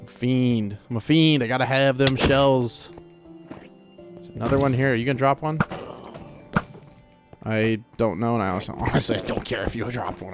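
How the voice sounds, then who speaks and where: Gravelly and mid-range, this man's voice carries casual gameplay commentary as he hosts a let's play. He laughs often and talks back to the game while its music plays.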